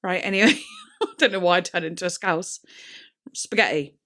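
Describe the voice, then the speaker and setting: A woman hosting a music reaction video, chatting excitably, swearing freely and trailing off into fillers. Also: on the low side, moderate pace. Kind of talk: casual reaction chat.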